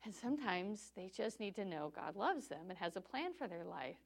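A woman's voice: medium pitch, big pitch swings, moderate pace. A woman teaching a church class on sharing faith, telling stories in a chatty way, laughing often and acting out conversations in quoted voices. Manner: chatty storytelling with frequent laughs; acts out dialogue in quoted voices.

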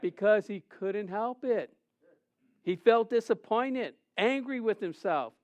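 High-voiced man preaching a sermon. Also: takes it slowly, darkish tone, dry recording, muffled recording. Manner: emotional preaching with rising and falling intensity. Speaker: pastor.

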